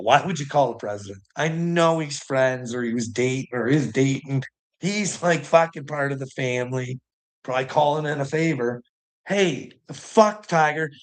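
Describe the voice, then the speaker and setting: A man ranting about news headlines with heavy swearing and sarcasm, often trailing off into mutters. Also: a little high. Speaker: commentator reacting to news headlines. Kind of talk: profane ranting commentary.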